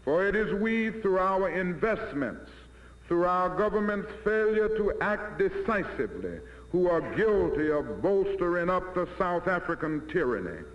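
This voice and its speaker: A man's voice: sits high, very animated, unhurried. An American man giving a formal public address, with a rhetorical style that builds on repeated phrases, in an archive recording from the 1960s. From United States. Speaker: civil rights leader giving an address. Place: large hall before an audience. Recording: roomy, dull 1964 archive recording.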